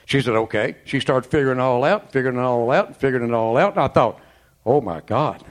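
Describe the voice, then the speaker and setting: A man's voice: medium pitch, animated, fast. A man preaching a sermon as pastor, fervent and folksy, peppering his talk with amens and praise. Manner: folksy, colloquial storytelling.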